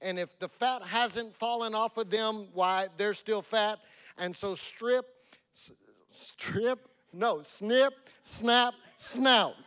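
A man preaching a sermon, retelling a fairy tale in a folksy, animated way, stumbling and repeating words as he goes. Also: sits high, slow pace, clean tone. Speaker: pastor. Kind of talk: sermon with a storybook reading.

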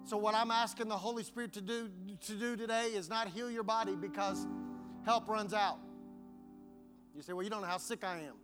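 A man's voice: high-pitched, steady tone, a little fast, over music. A man preaching a sermon to his congregation, building fervor through repetition. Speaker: pastor.

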